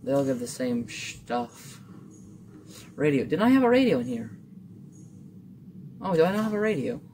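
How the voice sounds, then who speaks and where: A gamer in casual gameplay commentary, muttering playfully to themselves and to the game, with sudden excited outbursts. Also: medium pitch, normal speed, slight background noise. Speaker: gamer playing a survival game.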